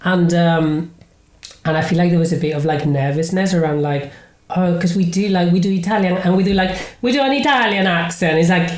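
A man's voice: sits high, fairly quick. Spanish accent guy hosting a podcast, rambles lots with ums and restarts, echoey room. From Spain. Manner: rambling, many fillers and restarts. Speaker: podcast host and improv comedian. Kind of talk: casual podcast chat.

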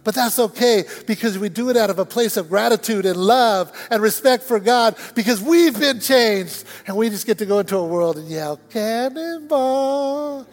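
Animated high-voiced pastor in a reverberant hall. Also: male voice, normal speed, hardly any pauses. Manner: animated storytelling, acts out voices and shouts. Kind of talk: sermon. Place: church sanctuary. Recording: long church hall reverb.

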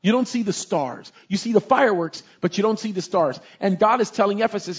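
A man's voice: high-pitched, fairly quick, hardly any pauses, breathy edge, lo-fi sound. A man preaching a sermon as a pastor, emphatic and repetitive, with many "you know" fillers.

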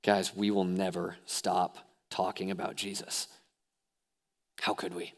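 A young man preaching a sermon as pastor, animated, swinging from hushed lows to excited near-shouts. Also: unhurried. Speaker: youth pastor.

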